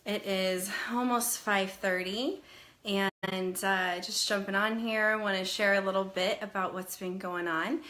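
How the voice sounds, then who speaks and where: A woman's voice: mid-range voice, fairly even intonation, unhurried, sharp tone. A woman in her thirties hosting a casual live stream, chatty and greeting viewers by name, slightly out of breath and a little nasal from a cold.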